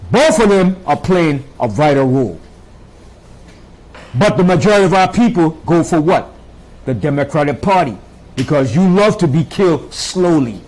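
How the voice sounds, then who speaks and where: A man's voice: on the high side, darkish tone, low-quality recording. A man preaching a sermon, emphatic, with dramatic swings and rhetorical questions to his listeners.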